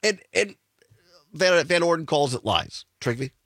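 A man's voice: on the high side, expressive, a little slow, fairly bright tone, no room sound. A man hosting a political talk radio show, sarcastic, with chuckling asides and frequent restarts.

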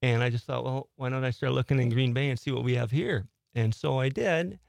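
Soft-spoken older man, gravelly voice, dry studio sound. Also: mid-range voice, a little fast, no echo. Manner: soft-spoken, quiet, laughs often. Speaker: studio guest, ghost tour guide. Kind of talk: casual interview. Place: radio studio.

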